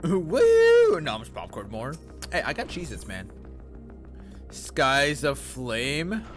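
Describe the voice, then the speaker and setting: A man casually chatting as he livestreams a video game, animated and profane, laughing often. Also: medium pitch, slow pace. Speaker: streamer. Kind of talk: casual gaming livestream commentary. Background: faint game music.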